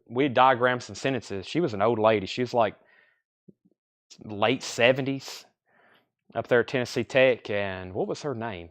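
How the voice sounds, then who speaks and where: A young man hosting a live record sale, rambling casually between quick price call-outs. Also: mid-range voice. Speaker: record store host running a live sale. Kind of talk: casual livestream sales patter.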